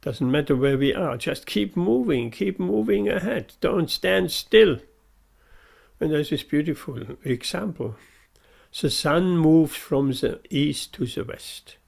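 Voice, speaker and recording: A man's voice: fairly high pitch, animated, slow pace, creaky, darkish tone, husky. A man giving a devotional sermon, earnest and emphatic, repeating his key phrases. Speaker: preacher.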